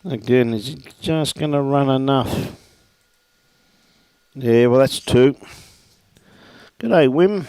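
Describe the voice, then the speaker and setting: A man with an Australian accent giving relaxed live commentary on a bowls match and greeting viewers by name. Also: mid-range voice, slow pace, pauses often, smooth, no echo. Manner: laid-back, chatty, greets viewers by name. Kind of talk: live sports commentary with viewer shout-outs.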